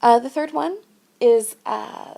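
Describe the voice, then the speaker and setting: A woman's voice: fairly high pitch, slow pace, creaky, dark tone. A woman teaching a French lesson in a patient, step-by-step way, often checking in with "okay?". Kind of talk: recorded classroom lesson narration. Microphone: screen-recording voice-over.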